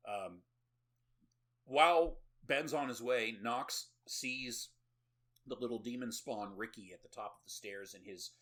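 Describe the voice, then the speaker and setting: A man's voice: medium pitch, a little slow, fairly bright tone. A man co-hosting a horror movie podcast, recapping a film in a casual, sarcastic way with swearing and laughing asides. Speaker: podcast co-host.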